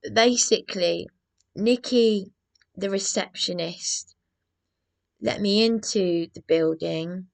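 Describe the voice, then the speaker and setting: Brief: woman vlogger, gravelly voice, slow aggrieved rant full of restarts. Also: mid-range voice. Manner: agitated, aggrieved ranting with many restarts. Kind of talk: rambling personal monologue.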